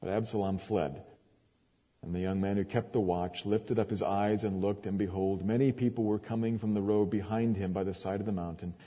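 A man preaching, reading scripture aloud in a measured, emphatic way with sudden rises. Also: on the low side, fairly even intonation, mellow, slightly rough. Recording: long hall reverb.

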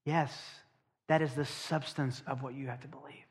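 A man preaching a sermon. He is emphatic, asks rhetorical questions, and slows down to stress key phrases. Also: mid-range voice, steady tone, breathy edge, long reverb tail.

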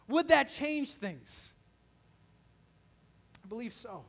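A man's voice: extremely high pitch, unhurried, long pauses, a bit bright. A man, a pastor, preaching a sermon and speaking directly to his congregation with frequent questions.

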